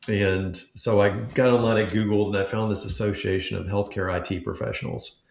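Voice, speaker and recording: Gravelly low-voiced man telling a story. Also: fairly quick. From Memphis, United States. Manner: animated storyteller acting out quoted dialogue. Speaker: podcast guest. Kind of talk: casual storytelling. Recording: echoey room.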